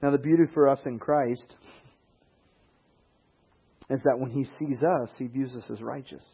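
A man delivers a sermon at a moderate pace, his medium-pitched voice slightly husky. He's animated, breaking into quoted voices and rising emphasis, and the audio is a little dull and lo-fi.

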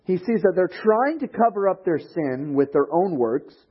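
A man with a slightly husky voice preaches a sermon, retelling a story with animated energy and slipping into the voices of its characters. The recording sounds dull and lo-fi. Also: high voice, moderate pace. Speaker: pastor.

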